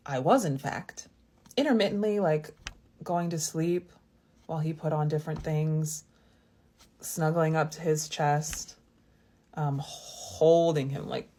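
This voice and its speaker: A woman's voice: deep voice, warm tone. A woman in her thirties telling a personal story in a rambling, confiding way, with many restarts. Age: 30s. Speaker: vlogger. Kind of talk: casual storytime.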